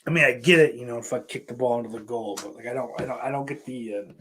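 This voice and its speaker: A man's voice: mid-range voice, fast, fairly bright tone, slight background noise. A man from hosting a podcast, rambling in casual chat, with lots of swearing, fillers and restarts. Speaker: podcast host. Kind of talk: casual chat answering viewer questions.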